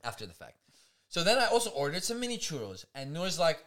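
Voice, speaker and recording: A young woman co-hosting a podcast, telling a story in casual chat, animated and full of swearing as she acts out quotes. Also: low voice, fast. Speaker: podcast co-host.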